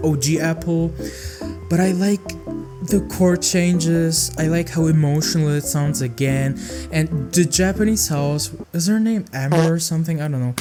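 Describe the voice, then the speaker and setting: A young man chatting casually through a song-by-song music review, rambling and expressive, with music playing behind him. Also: on the high side.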